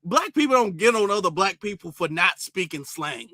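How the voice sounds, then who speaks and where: A man's voice: high-pitched, very animated, moderate pace, hardly any pauses, sharp tone, dry recording, studio quality. A man giving casual, emphatic reaction commentary on a clip, talking straight to his viewers.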